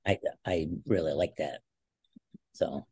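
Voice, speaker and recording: A man's voice: extremely low pitch, takes it slowly, darkish tone, slightly rough. A man in his sixties, a former Olympic wrestler, telling stories in an interview with emphatic, rambling speech. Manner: rambling, emphatic, many restarts. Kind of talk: storytelling in a casual interview.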